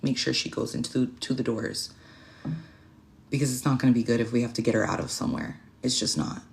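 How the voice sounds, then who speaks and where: A woman's voice: extremely low pitch, fairly quick, creaky, slight background noise. A woman hosting a tarot livestream, chatting casually in a blunt, profane, rambling way and thanking viewers by name as she goes. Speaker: tarot reader and livestream host.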